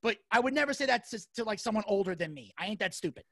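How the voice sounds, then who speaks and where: A man spins a story at a quick clip, swearing freely and raising his voice for the angry parts. The sound is dry and close, with no room around it. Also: high voice, animated, fairly bright tone, no room sound. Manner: fast, profane storytelling with heated acted-out quotes. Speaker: podcast guest. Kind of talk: casual storytelling.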